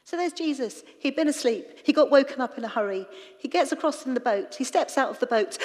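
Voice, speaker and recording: A woman preaching in church, retelling scripture with lively, animated asides to the congregation. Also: high voice, a little fast, slight background noise. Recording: reverberant church hall.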